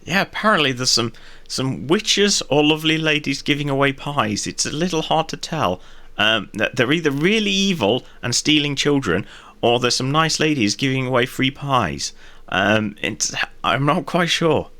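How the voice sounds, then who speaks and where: A man playing a tabletop game, talking in a playful, halting way with restarts. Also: medium pitch, lively intonation, bright, forceful tone. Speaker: player.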